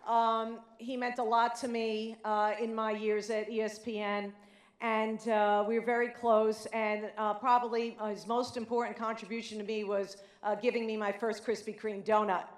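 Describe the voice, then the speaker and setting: A middle-aged woman with a light New York accent delivers a chatty acceptance speech, full of fillers and self-deprecating asides. Her voice sits fairly high, and it rings out through an echoey banquet hall. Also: little pitch movement, moderate pace. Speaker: award inductee giving a speech.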